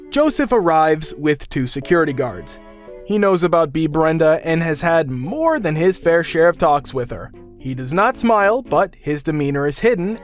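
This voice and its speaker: A man narrating a first-person workplace story, lively and exasperated. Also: a little high. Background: faint background music.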